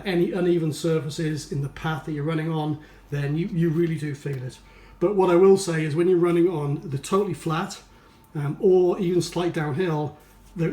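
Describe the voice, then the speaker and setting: A man from North East England with a slight Geordie accent and a somewhat high, dark-toned voice gives a casual review of a running shoe. His chatty talk is full of fillers and restarts, and the recording has a roomy echo.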